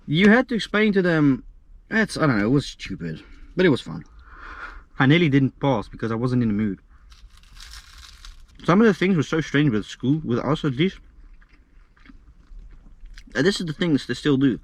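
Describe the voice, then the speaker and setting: A man's voice: fairly high pitch, animated, normal speed, long pauses, dry recording. Young male vlogger, loose rambling delivery, swears, dry close car sound. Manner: rambling, swears freely, laughs. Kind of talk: casual vlog chat. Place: inside a parked car. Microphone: GoPro camera.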